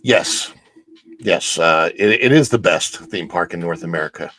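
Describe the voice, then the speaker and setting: A man who is a guest on a theme park show, talking in a halting, emotional way with many restarts. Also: deep voice, fairly bright tone. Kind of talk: casual chat.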